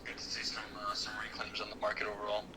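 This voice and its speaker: A man's voice: fairly low pitch, completely flat delivery, fast. A young man chatting casually about trading, with slang, swearing and constant "like" fillers. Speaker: guest trader on stream. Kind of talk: casual chat. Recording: clear background noise.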